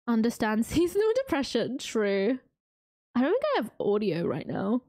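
An excitable woman streams a farming game and chats away with her viewers. Her high voice swoops all over the place. It is close and dry on a desk mic. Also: normal speed, dry recording. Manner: gushing, excitable, chatting with viewers. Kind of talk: casual live-stream commentary.

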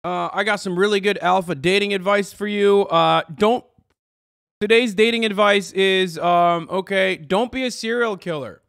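A man putting on a cheesy male online dating guru, mock-salesy and halting with ums. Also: sits high, vocal fry, fairly bright tone, no echo, clean studio sound. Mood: smarmy.

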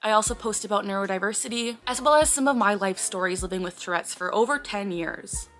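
A woman's voice: mid-range voice, a little fast, fairly bright tone, faint music behind. A woman talking casually to camera as a vlogger, earnestly explaining, often breaking off with sudden blurted words and sighs.

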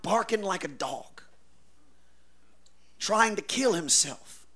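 A man preaching a revival sermon, swinging from quiet asides to shouted declarations, with a folksy preacher's cadence. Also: high-pitched. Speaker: pastor.

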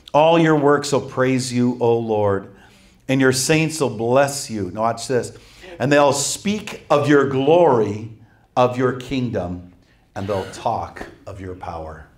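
Preaching in a medium-pitched voice, a man moves between scripture readings and a lively testimony story, with short laughs and emphatic asides along the way.

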